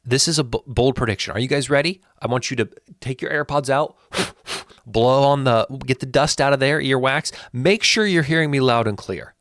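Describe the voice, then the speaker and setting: A man in his thirties hosting a football rankings show, talking straight to his viewers in an animated, teasing and defiant way. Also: mid-range voice, moderate pace, no echo, studio quality. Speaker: sports channel host. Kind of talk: opinionated football rankings talk.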